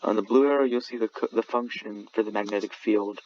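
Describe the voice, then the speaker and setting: A young man with a fairly low voice presents his lab slides in a halting way, stopping to restart words and fix his numbers. The recording is dull and lo-fi, with a faint hiss of background noise behind him. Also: fairly even intonation. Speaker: student presenting a lab report.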